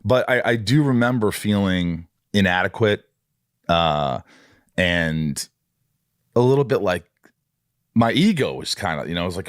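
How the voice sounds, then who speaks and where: A middle-aged man with a very low, deep voice recounts a story in a casual interview, slipping into quoted voices with real animation. The sound is dry and close, with no room around it. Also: a little slow, pauses often, dry recording. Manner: animated, acts out quoted dialogue. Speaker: podcast host.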